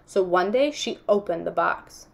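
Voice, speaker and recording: A woman's voice: lowish voice, animated, measured pace, vocal fry, heavily acted. Insistent, earnest young girl, read by a woman narrator. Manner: earnest and indignant.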